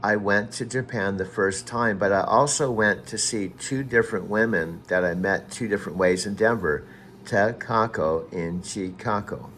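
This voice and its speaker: A man in casual chat who slowly spells out names syllable by syllable, growing exasperated. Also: on the low side, fairly bright tone, a little hiss or hum. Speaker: user talking to an AI assistant.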